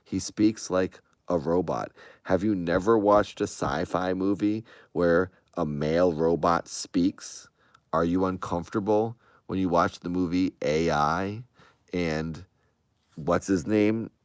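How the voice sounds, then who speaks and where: A streamer with a low-sitting voice takes his time as he casually answers his online audience's comments, rambling defensively and restarting often. The sound is clean studio audio without echo.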